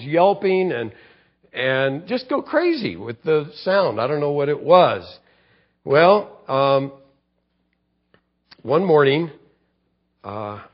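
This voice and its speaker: Male pastor, middle-aged, mid-pitched voice, earnest sermon storyteller who repeats first words, somewhat muffled recording.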